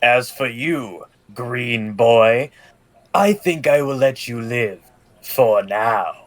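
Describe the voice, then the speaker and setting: A man's voice: medium pitch, close to an everyday voice. A man voicing an arrogant, menacing alien prince villain in a comedic fan-fiction reading, haughty and threatening. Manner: haughty, threatening, slow and deliberate.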